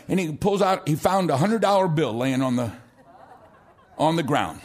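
A middle-aged American man preaching a sermon as pastor, telling stories animatedly and rising into shouts for emphasis. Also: a little high, normal speed. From United States.

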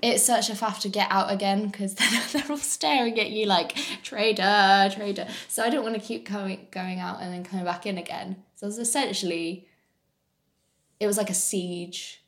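A woman's voice: mid-range voice, normal speed. A woman co-hosting a podcast, telling stories in a chatty way, laughing often and swearing now and then. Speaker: podcast co-host. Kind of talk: casual chat.

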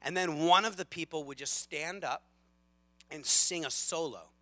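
Bright-voiced animated man telling a story. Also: fairly high pitch, normal speed, dry recording. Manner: animated, self-deprecating storyteller with big swings in loudness. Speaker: pastor. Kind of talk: storytelling sermon.

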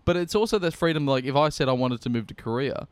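A man's voice: medium pitch, quick pace, dry recording. A young Australian man co-hosting a casual comedic podcast, rambling and laughing often as he talks. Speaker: podcast co-host.

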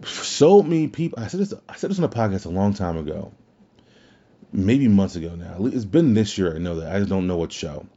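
A man's voice: low-pitched, sing-song, a little fast, warm tone, husky. Guy ranting about wrestling, swears a lot, darkish voice. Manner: swears freely, blunt and opinionated. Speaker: podcast host. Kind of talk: casual rant on wrestling. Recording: dull lo-fi audio.

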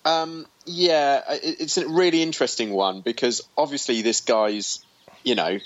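A man's voice: mid-range voice, fairly even intonation, normal speed, muffled recording. A man co-hosting a podcast from his hotel room, chatty and joking, with lots of ums. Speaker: podcast co-host. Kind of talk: casual chat.

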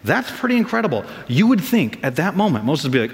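A man preaching a sermon as pastor, lively and animated, acting out voices for comic effect. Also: high voice, quick pace, few pauses. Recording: long reverb of a large hall.

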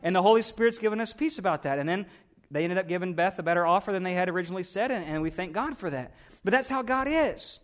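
Man, pastor, sermon, high voice, conversational, animated. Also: fast.

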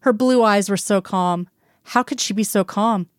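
A woman reading a fan-fiction story aloud in a steady storytelling voice. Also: mid-range voice, moderate pace, clear, resonant tone, dry recording, studio quality. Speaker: audiobook reader.

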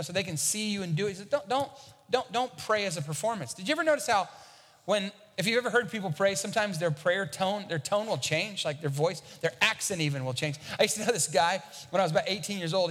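A man's voice: high-pitched, fairly bright tone, in a large hall. A man preaching a sermon as a pastor, talking conversationally and often repeating a word as he starts a thought.

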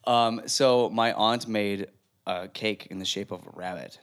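Halting man telling a story. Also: on the low side. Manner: hesitant, halting storyteller with many fillers. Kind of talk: casual chat.

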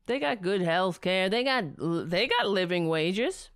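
A woman ranting angrily about politics, profane and sarcastic, who drops into a soft baby voice for her cat. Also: mid-range voice, lively intonation, unhurried, dry recording, studio quality. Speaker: political commentator.

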